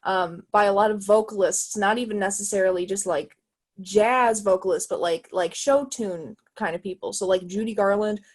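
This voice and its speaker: Eager, rambling 18-year-old woman. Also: medium pitch. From Illinois, USA. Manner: halting, full of fillers and restarts, eager. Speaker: guest, jazz trumpet player. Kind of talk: casual conversation on a video call. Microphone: video call microphone.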